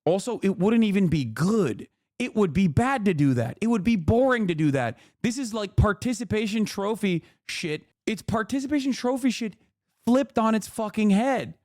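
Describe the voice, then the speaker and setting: Streamer, male, high voice, dry close mic, heated profane rant. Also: lively intonation, moderate pace, a little mellow, no room sound. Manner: profane, exasperated, repeats himself. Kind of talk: livestream commentary rant.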